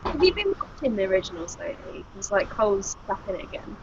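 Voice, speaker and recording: A woman's voice: medium pitch, very animated, fast, husky. A woman, a guest in a casual chat who talks chattily and a little hesitantly. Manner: chatty, hesitant, laughs often. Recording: dull lo-fi home recording.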